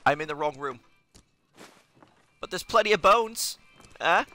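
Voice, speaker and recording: A man's voice: on the high side, animated, a little slow, pauses often, sharp tone, no room sound. A young man streaming a game in character, talking in a manic, rambling, self-mocking way. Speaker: gaming streamer. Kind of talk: in-character let's play commentary.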